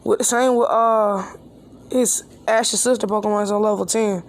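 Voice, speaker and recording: A woman's voice: medium pitch, steady tone, moderate pace, slight background noise. A woman improvising a fan story aloud, rambling with restarts and quoting each character's lines herself. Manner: rambling, with restarts and quoted dialogue.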